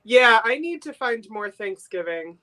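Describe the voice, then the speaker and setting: A Boston woman appears as a guest seller on a live-stream sale, chatting casually and enthusiastically with quick giggles. Her fairly high voice has lively intonation and a sharp tone.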